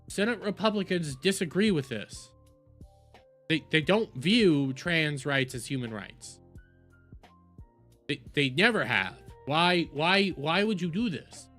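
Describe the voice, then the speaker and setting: A woman's voice: fairly low pitch, fairly bright tone. Exasperated woman ranting on stream. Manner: exasperated ranting with repeated words. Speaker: streamer reacting to posts. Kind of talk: livestream reaction commentary.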